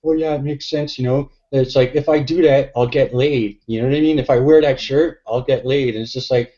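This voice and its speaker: A man's voice: medium pitch, fairly even intonation, a little fast, mellow. Rambling man on a lo-fi call. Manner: rambling, filler-heavy, sweary. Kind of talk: casual online discussion.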